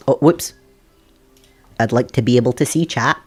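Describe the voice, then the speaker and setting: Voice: mid-range voice, breathy edge. A streamer chatting casually with viewers from a computer desk at home, laughing often between remarks. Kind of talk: casual live-stream chat.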